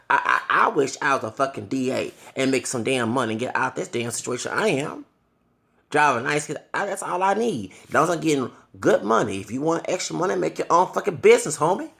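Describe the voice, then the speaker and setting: A man's voice: mid-range voice, creaky, fairly bright tone. A man in his thirties delivering a heated, profane rant to camera, breaking off now and then to apologize for his cursing. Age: 30s. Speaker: vlogger. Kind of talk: angry monologue to camera.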